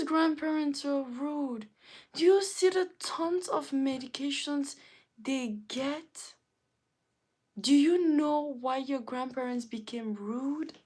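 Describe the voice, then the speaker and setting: An earnest woman from Africa speaks on her livestream in a heartfelt, preachy way. Her voice sits fairly high, and she keeps telling stories to press her point home. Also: slow pace, darkish tone. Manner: emotional, earnest, preachy storytelling. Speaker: livestream host. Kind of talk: casual impassioned monologue.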